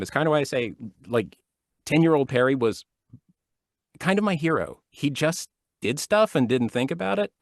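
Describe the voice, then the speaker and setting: A man's voice: mid-range voice, normal speed, no echo. Guy in his thirties telling stories on a video call, dead dry sound, keeps restarting and laughing. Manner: laughs often, restarts sentences, animated storytelling. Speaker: guest narrator and actor. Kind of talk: casual interview chat. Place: home studio.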